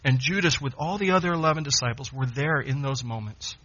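A man preaching a sermon, emphatic, with dramatic pauses. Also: mid-range voice, a bit bright, highs cut off.

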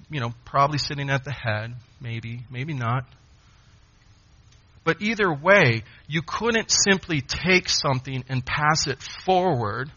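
A man preaching a sermon, emphatic, with dramatic pauses. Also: mid-range voice, sharp tone, muffled recording.

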